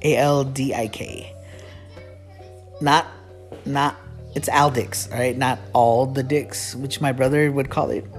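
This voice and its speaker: A man spinning a casual workplace story, stumbling over restarts and cracking himself up as he goes. His voice sits at an ordinary middle pitch, with faint music behind him. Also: fairly even intonation, measured pace, long pauses. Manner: rambling, restarts often, laughs at his own story.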